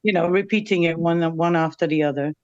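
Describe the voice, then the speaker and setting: A woman's voice: fairly low pitch, brisk, lo-fi sound. A woman with a Caribbean accent, chatting and telling stories as a guest on a video call. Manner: chatty, storytelling, laughs often. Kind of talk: casual group chat.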